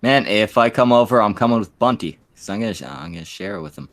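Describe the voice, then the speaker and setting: A man's voice: fairly low pitch, expressive, fast, background noise. A man with a Quebec French Canadian accent hosting a stream, rambling through crude, casual banter full of fillers and restarts. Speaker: stream host.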